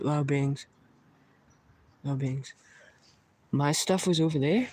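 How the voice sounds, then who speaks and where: A man's voice: on the high side, breathy edge. A young man vlogging a live stream outdoors in the woods by the water, talking casually, swearing a lot and startled by sounds.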